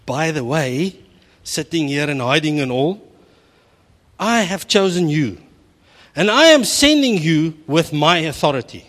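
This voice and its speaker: A man's voice: fairly high pitch, big pitch swings, measured pace, fairly bright tone, in a large hall. A South African man preaching, who voices an angel urgently telling a reluctant man that he has been chosen and sent. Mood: commanding. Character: commanding male angel sending a reluctant hero.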